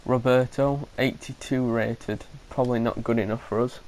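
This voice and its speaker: A man's voice: medium pitch, fairly even intonation, normal speed, a little mellow, poor audio. A man, thinking aloud as he commentates his gameplay, hesitant and full of restarts, with an occasional cough. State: coughing now and then. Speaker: gaming commentator.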